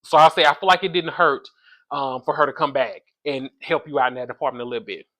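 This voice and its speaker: A man casually reviewing a reality show episode, sassy and animated, calling his listeners baby and y'all, with features. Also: medium pitch, fast talker. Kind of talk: casual chat.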